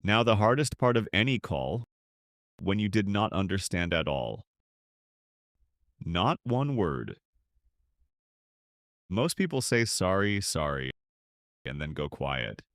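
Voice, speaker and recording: A man teaching beginner English in a slow, clear, scripted way, pausing so listeners can repeat. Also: low voice, fairly bright tone, no room sound, studio quality. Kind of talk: slow scripted lesson for learners.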